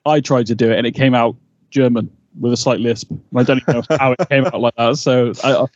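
A man of middling pitch rambles and laughs through a casual podcast chat. His mic sounds a little dull and muffled, and dry. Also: quick pace, dry recording. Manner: rambling, animated, laughs a lot. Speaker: podcast co-host. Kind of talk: casual episode recap chat.

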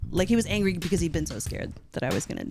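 A woman's voice: fairly low pitch, sing-song, racing, vocal fry, music in the background. A Canadian woman chatting as a podcast guest, telling a story with lots of laughs and likes. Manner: laughs often, rambling with many likes. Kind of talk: casual storytelling chat.

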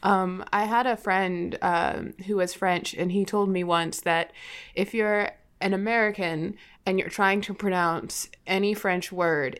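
A woman's voice: fairly low pitch, a little slow, a bit bright, clean tone. Offhand, frank woman player. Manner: offhand, frank, swears casually. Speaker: tabletop game podcast player. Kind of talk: casual chat.

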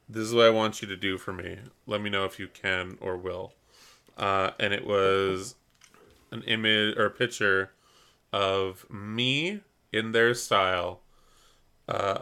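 A young man co-hosting a podcast in casual chat, halting and self-deprecating, with many restarts. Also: on the low side, bright, forceful tone, clear, resonant tone. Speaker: podcast co-host.

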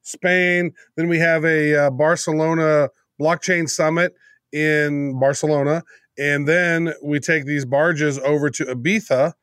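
A man's voice: on the high side, fairly even intonation, fairly bright tone, dry recording, clean studio sound. A man guesting on a podcast, talking casually and teasing his co-host as he tells of upcoming trips. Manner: quick, teasing storyteller.

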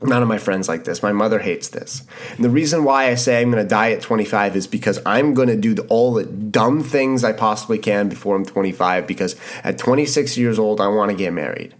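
A man's voice: lowish voice, brisk. Young male podcast host, early 20s, Canadian-raised, fired-up motivational talker who repeats himself for emphasis and swears casually. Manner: impassioned, repetitive, swears casually. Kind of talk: motivational monologue.

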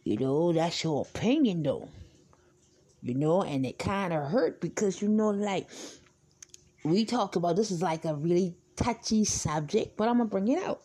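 A woman's voice: lowish voice, expressive, moderate pace, warm tone, breathy edge. A woman hosting a podcast, talking straight to her listeners in a blunt, outspoken, rambling way. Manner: blunt, outspoken, swears freely. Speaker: podcast host. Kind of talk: casual podcast monologue.

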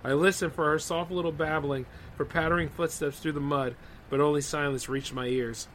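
Reading horror stories aloud with casual commentary, this man has a slightly high, fairly bright voice, fairly even intonation, and normal speed. He drifts into loose asides stuffed with "like" and "man." The low-quality recording carries slight background noise.

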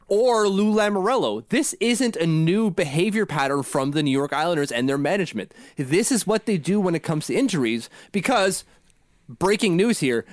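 A man co-hosting a sports podcast in a casual, rambling way, often laughing at his own slips. His voice sits a little high for a man. The sound is dry and close to the mic. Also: no echo. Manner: rambling and self-deprecating, laughs at himself. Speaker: podcast co-host.

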